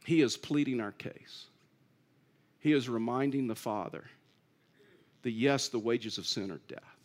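A man preaching a sermon in an earnest way, repeating key phrases and rising to emphatic pleas. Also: mid-range voice. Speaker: pastor.

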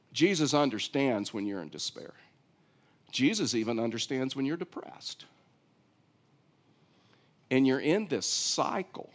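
Male pastor, fairly high voice, animated preaching with repetition. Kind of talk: sermon.

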